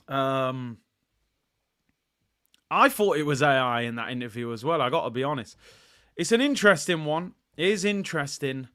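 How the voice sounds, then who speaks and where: A man's voice: mid-range voice, lively intonation, normal speed, pauses often, fairly bright tone, smooth. A man hosting a football vlog in casual talk, chatty and opinionated, with plenty of slang, speaking straight to his viewers. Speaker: football channel host.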